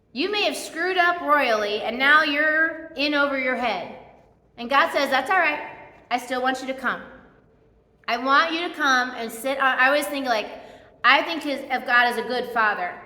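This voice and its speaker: A woman preaching in a relaxed, chatty way, slipping into little acted-out quotes. Her voice sits high and sounds bright and forceful. It rings around a large church hall with a long echo. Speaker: pastor. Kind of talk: sermon.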